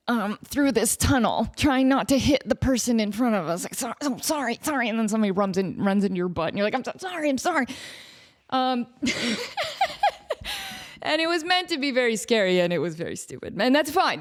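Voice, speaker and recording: A woman podcast host telling a comedic story, self-deprecating and acting out quotes in an animated way. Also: mid-range voice. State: out of breath.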